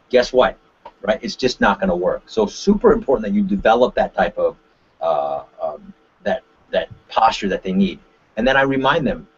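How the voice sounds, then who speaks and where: A man from Korea, a martial arts instructor, giving an animated webinar talk on a call and tagging his points with "right?". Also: mid-range voice, breathy edge. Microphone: conference call line. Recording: dull lo-fi call audio.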